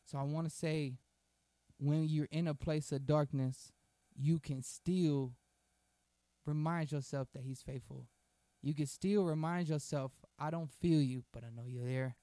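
Fervent preacher man with a higher voice. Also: fairly even intonation, measured pace, dark tone. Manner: fervent, emphatic preaching with rising repeated phrases; informal, folksy asides. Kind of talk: sermon with a read-aloud prayer.

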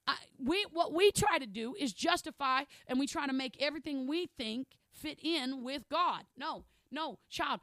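A woman's voice: sits high, fairly bright tone, dry recording. A woman preaching a sermon in a conversational, emphatic way, often checking in with her listeners.

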